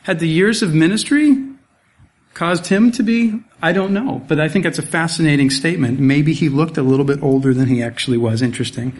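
Man, pastor, sermon, animated, rhetorical questions, sarcastic asides, fairly high voice. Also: a little fast. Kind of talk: expository sermon.

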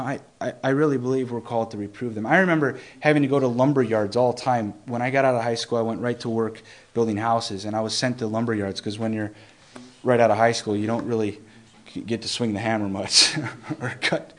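A young man giving an informal Bible teaching, earnest and conversational, often restarting phrases and slowing down to stress scripture. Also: mid-range voice. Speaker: preacher.

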